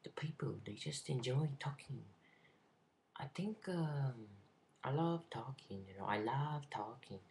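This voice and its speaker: A man voicing a cranky male shopkeeper who rants and shouts at customers, with a put-on accent. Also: medium pitch, takes it slowly, pauses often, roomy sound, a little hiss or hum, voice pushed up. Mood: complaining. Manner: ranting, shouting, repeats himself.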